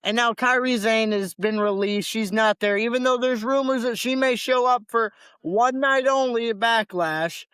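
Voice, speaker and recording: Smooth laid-back male podcast host. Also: very high-pitched, moderate pace, few pauses, a bit bright, no echo. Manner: laid-back, loose, repeats words. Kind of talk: casual wrestling podcast chat.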